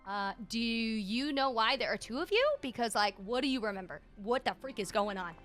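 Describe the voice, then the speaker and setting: Excitable lady streamer, bright voice, soft music behind her. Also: fairly high pitch, normal speed. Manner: excitable, exclaiming. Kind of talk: casual live-stream chatter.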